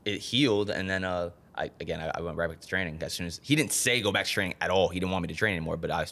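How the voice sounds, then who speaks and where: A man's voice: low voice, very fast. A man from the Bronx, a pro fighter and guest on a podcast, telling a story in casual chat and acting out the lines of people in it. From the Bronx, New York. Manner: animated storyteller, acts out quotes, restarts often.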